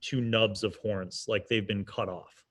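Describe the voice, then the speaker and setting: A man's voice: lowish voice, fairly even intonation, a little slow. A man running a tabletop game as game master, narrating the scene in a casual, descriptive way. He talks loosely, with fillers and restarts.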